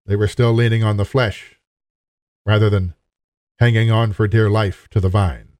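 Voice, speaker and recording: A man's voice: lowish voice, little pitch movement, moderate pace, darkish tone, dry recording. A man preaching a sermon in an earnest, emphatic way, appealing directly to his listeners.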